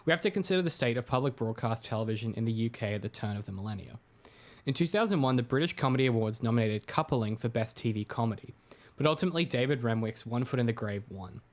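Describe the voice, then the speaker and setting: Man reading aloud with casual asides. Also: mid-range voice. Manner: reads steadily, drops into chatty asides with filler "uh"s. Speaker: co-host reading his own book aloud. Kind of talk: casual read-through with asides.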